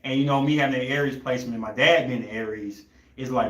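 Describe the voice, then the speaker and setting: A man's voice: mid-range voice, fast talker, a bit bright, reverberant. A young man hosting a podcast, telling a story in a loose, rambling way and searching for words. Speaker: podcast host. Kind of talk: casual storytelling chat.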